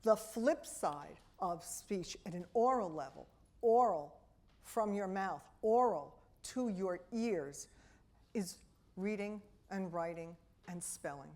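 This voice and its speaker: A middle-aged woman from Brooklyn with a New York accent, a speech and language pathologist giving a lively, wry talk to a room of parents. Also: medium pitch, takes it slowly. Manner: animated, wry, talks straight to the audience. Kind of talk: lively public lecture to an audience. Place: auditorium before a live audience.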